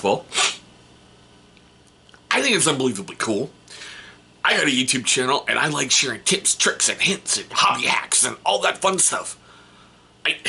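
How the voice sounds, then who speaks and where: Man, hobby channel host, rambling, swears casually, bright, husky. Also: medium pitch.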